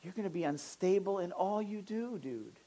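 Animated woman preaching a sermon. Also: mid-range voice, normal speed, dull audio. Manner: animated, acts out congregants' voices. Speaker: pastor.

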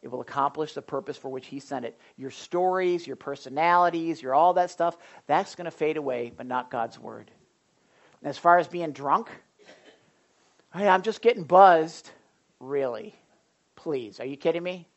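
A pastor preaching to a small group, talking straight to the people in front of him. His voice swings between loud, emphatic points and quiet asides. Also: fairly high pitch, normal speed, gravelly, muffled recording. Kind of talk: sermon to a small Bible study group.

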